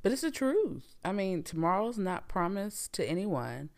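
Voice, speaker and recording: A woman's voice: medium pitch, big pitch swings, a little slow, darkish tone. A woman in her thirties hosting a casual solo podcast, talking candidly and rambling with frequent fillers. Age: 30s. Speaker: podcast host.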